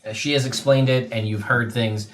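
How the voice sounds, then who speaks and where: A man's voice: mid-range voice, fairly even intonation, normal speed, slight background noise. Man running a tabletop game, hesitant. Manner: casual, hesitant, lots of ums. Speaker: game master.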